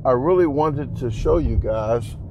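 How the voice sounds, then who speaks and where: A talkative Midwestern American man rambles to his viewers from behind the wheel, dropping plenty of "uh"s and "folks." His voice sits at an ordinary middle pitch. Steady road and engine noise runs underneath. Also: unhurried. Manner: chatty, folksy, lots of filler words. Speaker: vlogger. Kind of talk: casual rambling vlog. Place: in a car on the road.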